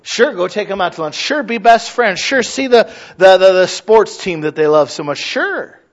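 A man in his thirties preaching a sermon, animated and acting out little scenes in other voices. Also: fairly high pitch, highs cut off. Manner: animated, mimics voices for illustrations. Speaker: pastor.

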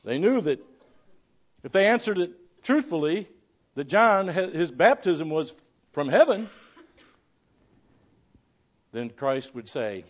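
A man preaches a sermon in a high voice, reading old scripture aloud. He swings between ringing declarations and quiet asides, chuckling now and then. The recording sounds dull and lo-fi. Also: big pitch swings, slow pace, pauses often. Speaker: pastor.

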